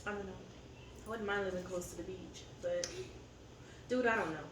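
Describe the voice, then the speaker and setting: Fast-ish and fairly even in intonation, her mid-range voice carries candid venting and rambling fillers in a casual mealtime chat for a family eating channel she co-hosts. A distant camera captures roomy echo, faint ambience, and a noisy background.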